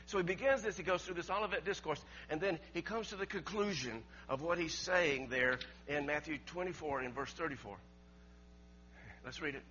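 Bright emphatic preacher man. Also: a little high, moderate pace. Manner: emphatic preaching, swings from loud to quiet. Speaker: pastor. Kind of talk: sermon. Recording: dull lo-fi sermon recording with faint mains hum.

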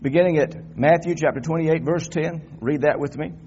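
With a somewhat high, slightly mellow and husky voice at a moderate pace, an older man gives an Easter sermon in a church sanctuary. He begins conversationally and rises to fervent emphasis, and the church recording is dull and lo-fi.

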